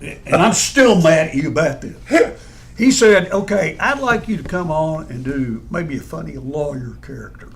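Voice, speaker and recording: A man's voice: on the high side, lively intonation, moderate pace, vocal fry. A man telling funny stories in casual chat, laughing through his punchlines. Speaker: radio personality guest.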